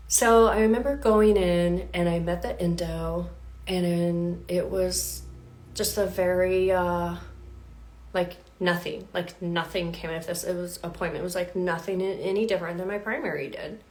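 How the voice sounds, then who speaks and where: A woman in her thirties, a health coach, telling her own story to viewers in a lively, chatty way, full of fillers and acted-out quotes. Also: fairly low pitch. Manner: animated, acts out quoted voices, many fillers.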